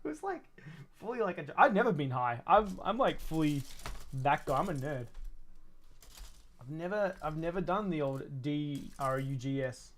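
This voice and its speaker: A man's voice: fairly high pitch, animated, moderate pace. A man in his thirties chatting casually to his stream while building a toy kit, rambling, swearing and laughing often. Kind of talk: casual livestream chat.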